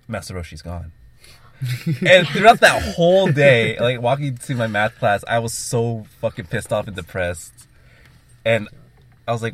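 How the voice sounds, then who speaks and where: A man's voice: on the low side, a little fast, a bit bright. A young man telling a rambling story in casual chat among friends, swearing often and filling with "like".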